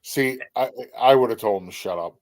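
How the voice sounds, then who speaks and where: A man's voice: mid-range voice, a little fast, a little mellow. A middle-aged man hosts a casual livestream. He greets viewers by name in a friendly way and gives his opinions bluntly. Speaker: livestream host. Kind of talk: casual chat.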